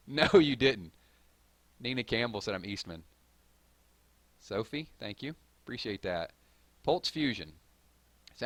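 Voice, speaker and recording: A man with a Southern drawl hosting a live stream, reading viewer comments and hyping up his audience in a rambling, excitable way. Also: on the low side, dry recording. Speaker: gaming channel host.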